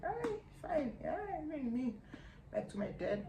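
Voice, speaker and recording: A young South African woman with a South African accent, telling a personal story in a lively vlog and acting out her relatives' lines. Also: high voice, measured pace, gravelly. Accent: South African English. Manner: animated, acts out relatives' lines, slangy. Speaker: YouTuber. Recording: echoey room, faint background hum.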